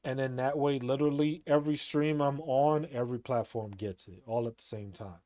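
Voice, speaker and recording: A man's voice: mid-range voice, fairly quick, dark tone, no room sound, clean studio sound. A man talking casually as a streamer, rambling, repeating himself and laughing often. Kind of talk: casual monologue.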